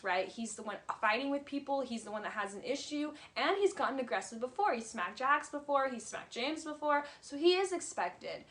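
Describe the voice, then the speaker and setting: A woman's voice: fairly high pitch, fairly bright tone. A woman vlogger giving a casual, heated recap of a reality show, blunt and swearing freely. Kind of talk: casual commentary.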